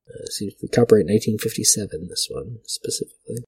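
A man's voice: on the low side, quick pace, vocal fry, a little mellow, breathy edge, no room sound. A man hosting a podcast, rambling through vintage liquor ads with wry, profane asides. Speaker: podcast host. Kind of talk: casual commentary reading vintage liquor ads.

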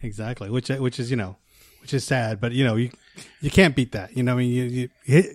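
A man's voice: medium pitch, fairly even intonation, brisk, no echo. Man, middle-aged, podcast co-host, enthusiastic, restarts often, trails off, dry sound. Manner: enthusiastic, many repeated words and restarts, trailing off softly. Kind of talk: casual movie chat.

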